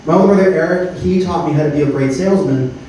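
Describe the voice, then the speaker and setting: A man in his thirties performing a stand-up comedy set on a club stage, deadpan, with frequent filler words. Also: fairly high pitch, fast talker, a little hiss or hum. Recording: roomy club sound from a distance. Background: faint room ambience.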